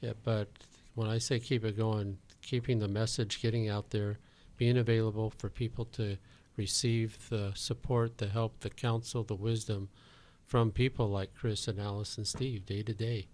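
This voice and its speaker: A man in a radio studio asking listeners for donations, relaxed, folksy and sincere. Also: fairly low pitch, normal speed, few pauses. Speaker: radio show fundraiser.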